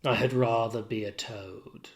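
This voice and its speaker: A man voicing Othello, a tormented, jealous older husband, in a low, brooding recitation of verse. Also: fairly even intonation, unhurried, lightly acted.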